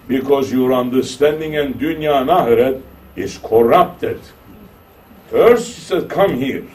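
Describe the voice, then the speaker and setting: A Turkish-accented Sufi shaykh narrates a sermon story at a measured pace, animatedly voicing its characters and raising his pitch for their quoted lines. Slight background noise and faint room ambience come through the distant microphone.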